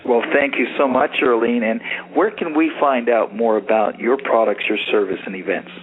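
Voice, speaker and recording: A man's voice: medium pitch, normal speed. A man hosting a panel discussion in a conversational, affirming way. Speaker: host. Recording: tinny phone-like sound with faint hiss.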